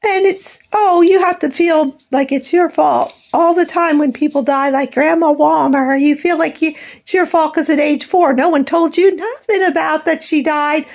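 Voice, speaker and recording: A woman's voice: high-pitched, fairly even intonation, normal speed, few pauses, darkish tone. An older woman in a bitter, sarcastic personal monologue, airing grievances at her absent family. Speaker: vlogger.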